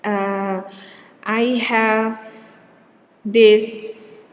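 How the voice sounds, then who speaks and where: A woman's voice: a little high, little pitch movement, drawn-out words, big-room sound. A woman with an Indonesian accent giving a recorded linguistics lecture, explaining step by step with frequent fillers and self-corrections.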